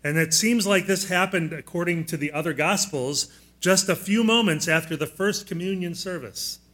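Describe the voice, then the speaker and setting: A male pastor preaching a sermon in a slightly raised, clear voice. He is plainspoken and teacherly, steadily asking his listeners questions. He walks them through the blanks in their sermon notes. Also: high voice, normal speed, fairly bright tone. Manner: plainspoken, asks the congregation frequent questions.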